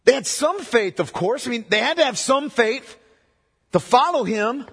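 High-voiced preacher in an echoey hall. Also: male voice, animated, normal speed, husky. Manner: conversational, swings from hushed to emphatic. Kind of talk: sermon. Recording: echoey hall with long reverb.

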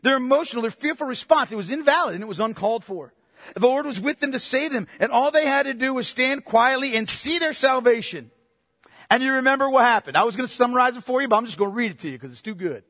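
Man, very high voice, emphatic preacher, reverberant hall. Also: animated. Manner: emphatic, rising to shouts, slows for stress. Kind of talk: sermon with scripture reading.

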